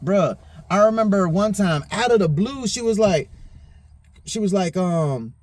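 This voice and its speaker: Tipsy rambling high-voiced man. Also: expressive, measured pace, darkish tone. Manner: rambling, profane, repeats "you know what I'm saying". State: a little tipsy. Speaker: podcast host. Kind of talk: casual storytelling monologue.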